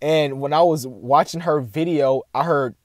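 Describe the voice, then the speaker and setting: A man's voice: on the high side, unhurried, no room sound. Rambling young man, dry close sound. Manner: rambling, heavy "like" filler, addresses "guys"; excited and animated retelling. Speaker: vlogger sharing a dream. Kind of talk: casual chat to camera.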